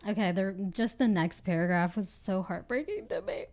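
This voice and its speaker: A woman's voice: medium pitch, animated, normal speed, creaky, a little mellow. A young woman co-hosting a podcast, chatting casually about a book, laughing often and acting out quotes. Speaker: podcast co-host.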